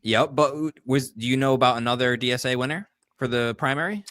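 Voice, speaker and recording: A man's voice: mid-range voice, fairly even intonation, fairly quick, fairly bright tone, dry recording, clean studio sound. A man co-hosting a live call-in political stream, talking casually, laughing often and arguing his points. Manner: chatty, laughs often, argumentative. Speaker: co-host of a call-in political show.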